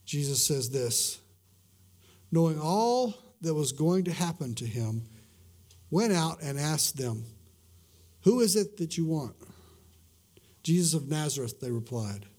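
High-voiced man preaching, hushing for emphasis. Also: lively intonation. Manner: swings from loud emphasis to hushed, drawn-out words; repeats words and restarts mid-sentence. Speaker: pastor. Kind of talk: sermon.

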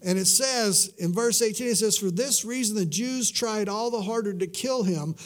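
A middle-aged man preaching a sermon as a pastor, repeating himself, dropping to a hush and slowing on key words. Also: high voice. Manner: swings from loud emphasis to hushed, drawn-out words; repeats words and restarts mid-sentence.

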